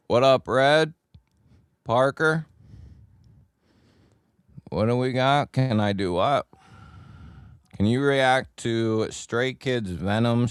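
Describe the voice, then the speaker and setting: A man's voice: lowish voice, clear, resonant tone, no room sound, studio quality. A man hosting a casual livestream, chatting with viewers and greeting them by nickname. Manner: greets chat viewers by nickname, laid-back and chummy. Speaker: livestream host. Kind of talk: casual live chat with viewers.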